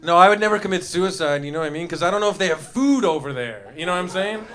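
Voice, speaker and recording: A man's voice: high-pitched, expressive, fast talker, a bit bright. A man doing loose, profane stand-up comedy, riffing with the audience and making yelping sound effects. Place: comedy club stage with live audience.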